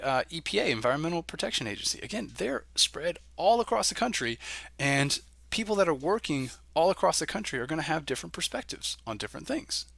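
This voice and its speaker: A man, a college instructor, giving a conversational recorded lecture, often pausing with "um" and checking in with "right?". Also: on the high side, vocal fry, a bit bright, no room sound.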